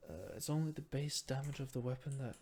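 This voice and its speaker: A man's voice: mid-range voice, animated, fairly quick, mellow, slightly rough. A man whose first language is Norwegian, murmuring his thoughts aloud and musing in a self-deprecating way while he plays a game. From Norway. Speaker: gamer. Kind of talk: casual gameplay commentary.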